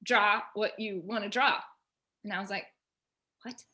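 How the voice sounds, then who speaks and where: A woman on a video call at home, telling a personal story in an animated way and quoting herself and others. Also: mid-range voice, normal speed. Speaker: featured artist guest. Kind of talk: casual video call discussion.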